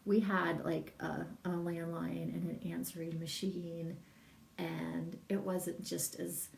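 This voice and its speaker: Chatty woman with a gravelly voice. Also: lowish voice, level tone, takes it slowly, a little mellow, echoey room, recorded from a distance, slight background noise. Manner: chatty, rambling, laughs often, reads viewer comments. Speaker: massage business coach. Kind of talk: casual livestream talk.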